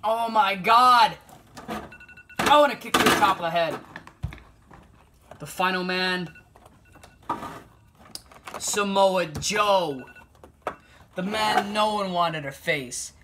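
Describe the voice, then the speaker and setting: A man giving play-by-play commentary on a wrestling video game, bursting into shouted excitement and then dropping to low mutters. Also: takes it slowly, long pauses, background noise.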